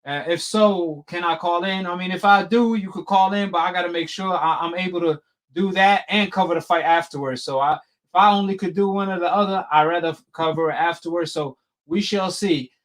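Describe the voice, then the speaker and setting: A man's voice: high-pitched, brisk. A man hosting a live boxing talk stream, chatting in a casual, slangy way and laughing often. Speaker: host of a boxing talk show.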